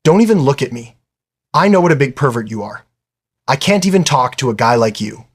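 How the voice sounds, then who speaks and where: A man's voice: mid-range voice, very animated, fairly quick, slightly rough. A man reading the lines of a cold, scornful teenage schoolgirl in a curt, bossy way.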